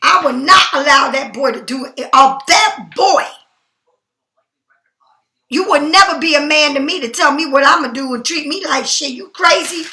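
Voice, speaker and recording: A woman's voice: sits high, normal speed, bright, forceful tone, reverberant. A middle-aged woman tarot reader speaking bluntly and emphatically to her viewers in a spontaneous monologue.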